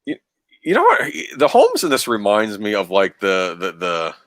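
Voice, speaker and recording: Low-voiced man chatting over a film. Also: wildly swooping pitch, moderate pace, a bit bright, dry recording, clean studio sound. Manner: rambling, laughs often, many restarts. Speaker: podcast co-host. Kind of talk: casual film rewatch chat.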